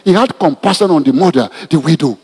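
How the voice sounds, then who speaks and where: Male pastor, animated sermon delivery, husky tone, reverberant church. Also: a little high, quick pace. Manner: animated preaching with laughs and repetitions. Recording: reverberant hall.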